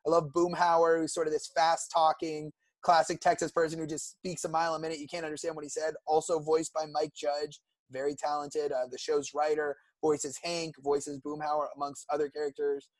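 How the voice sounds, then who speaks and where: A young man with a fairly high voice, recorded dry and close. He chats casually as a podcast co-host, eagerly walking through episodes and favorite characters at length. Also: monotone, moderate pace, no room sound. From California. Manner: enthusiastic, recounts plots at length. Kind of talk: casual chat.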